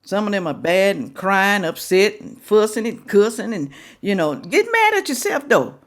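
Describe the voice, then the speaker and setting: A woman delivers reaction commentary in a scolding, lecturing way, hammering her points again and again. Her pitch swings widely from line to line, and her voice sits in a middle register. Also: very animated, moderate pace. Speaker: reaction video host.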